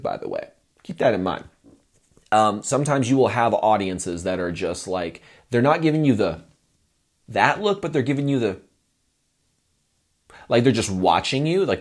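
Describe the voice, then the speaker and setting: Lively low-voiced man coaching. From Oklahoma, USA. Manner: animated, acts out crowd scenes, playful. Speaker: performance coach. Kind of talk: instructional talk to camera.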